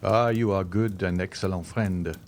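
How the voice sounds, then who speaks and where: A man's voice: deep voice, steady tone, normal speed, a little hiss or hum. A man reading the part of an earnest, eager young viscount. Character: young viscount, eager and devoted to his mother.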